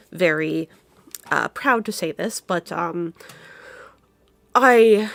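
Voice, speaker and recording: A woman voicing a timid young woman who survived an attack, speaking hesitantly with many pauses. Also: medium pitch, creaky, a bit bright, no room sound, full character voice. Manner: hesitant, halting, apologetic.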